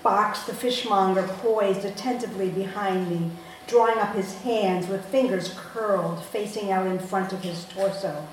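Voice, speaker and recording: A woman from Boston reading her own personal story aloud, storytelling with lively voiced quotes. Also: medium pitch, moderate pace. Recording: roomy, distant mic, faint hum.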